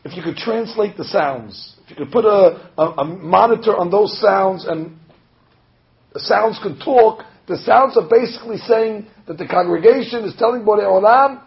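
A man, a rabbi, preaching a sermon with animated storytelling, acting out the voices he quotes. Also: sits high, normal speed, gravelly. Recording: dull lo-fi recording.

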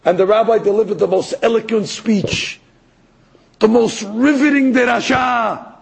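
Man, sermon, storytelling, high-pitched, gravelly, very husky. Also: a little slow, poor audio. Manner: animated storyteller, rising to emphatic peaks. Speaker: rabbi or Torah teacher.

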